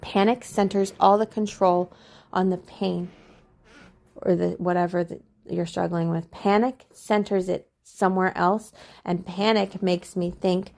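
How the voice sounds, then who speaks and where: A woman's voice: lowish voice, steady tone, measured pace, vocal fry, darkish tone. A middle-aged woman hosting a podcast, talking earnestly and confidingly about her own life and repeating phrases for emphasis. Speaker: podcast host. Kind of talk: personal reflective monologue.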